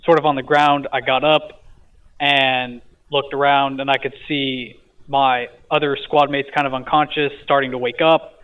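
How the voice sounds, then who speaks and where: A man's voice: medium pitch, level tone, a little slow, clear, resonant tone. A man, a podcast guest, casually retelling a dream, hesitant with many fillers and a stutter he mentions himself. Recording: tinny phone-like line.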